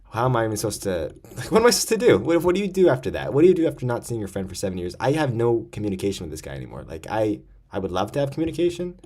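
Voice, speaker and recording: A young man talks through a personal story in an unscripted, rambling way, full of slang, restarts and nervous little laughs. His voice sits a bit low, and the delivery stays loose and conversational. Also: a little mellow. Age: young adult. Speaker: vlogger. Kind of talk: casual storytime monologue.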